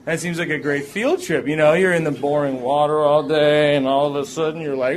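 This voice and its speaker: A man telling a funny personal story to a live audience, animated and jokey, acting out the voices. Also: fairly high pitch, normal speed, few pauses, a crowd in the background, noisy background.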